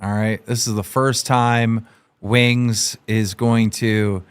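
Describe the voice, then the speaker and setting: A man hosting a livestream, talking casually and brashly, swearing and yelling at his guests. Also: lowish voice, slow pace, clean tone. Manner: brash, profane, excitable. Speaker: stream host. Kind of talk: casual streamer chat.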